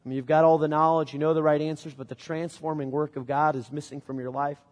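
A man's voice: a little high, flat delivery, fast. A middle-aged man from Illinois preaching a sermon as pastor, telling a story in a conversational way. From Illinois, USA. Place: church sanctuary. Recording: long reverb of a church hall.

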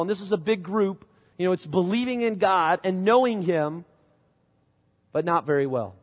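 A middle-aged pastor from Illinois, USA, preaches a sermon in a church sanctuary, telling a story conversationally. His voice sits high and is expressive, moving at a moderate pace. The recording carries the long reverb of a church hall.

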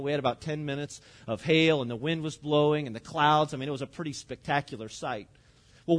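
A man, preaching a sermon in an earnest, conversational way and slowing down to stress scripture. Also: fairly high pitch. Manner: earnest and conversational, with frequent restarts and slowed emphasis on scripture. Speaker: pastor.

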